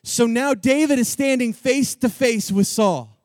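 High-voiced jokey male preacher. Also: unhurried, no room sound, studio quality. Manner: animated, jokey, slangy. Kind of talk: storytelling sermon.

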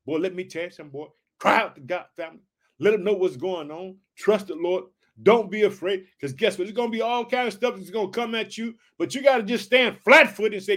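A man preaching an energetic sermon on scripture, with a fervent, repetitive call-and-response delivery. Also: sits high, fairly quick.

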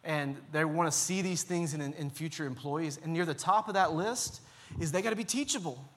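Male pastor, fairly high voice, earnest, repetitive and urging. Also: brisk. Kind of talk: sermon. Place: church.

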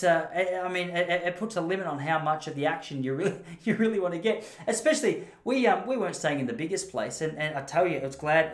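An Australian man telling rambling, self-deprecating stories in a casual monologue. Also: on the high side. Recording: roomy echo.

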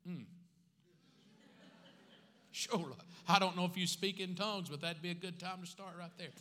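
A pastor preaching a sermon to his congregation, dropping joking asides between slow, emphatic, repeated points. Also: sits high, fairly even intonation, pushed and bright. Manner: slow emphatic repetition of key phrases. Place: church sanctuary with congregation. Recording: long reverb from a large church hall.

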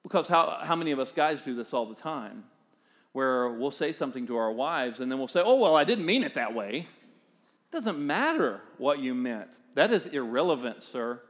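A middle-aged man with a Southern US accent preaching a sermon as pastor, with animated swings in pitch and loudness. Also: normal speed.

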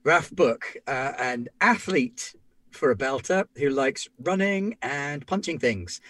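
A man's voice: medium pitch, expressive, slow, fairly bright tone, no echo. A man introducing his tabletop character with wry, self-mocking humor. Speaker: player. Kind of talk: casual chat at a game table.

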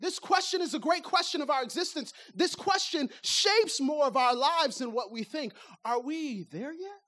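A woman with a high voice preaches a sermon like a conversation. She throws rhetorical questions at her listeners and slips into acted-out bits of everyday talk, laughing now and then between points. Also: animated, moderate pace, a bit bright. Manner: acts out everyday speech to make points.

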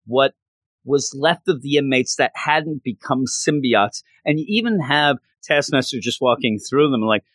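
A man casually recapping a comic book in an excited, chatty way. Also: mid-range voice, measured pace, no echo. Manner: excited, chatty, acts out lines.

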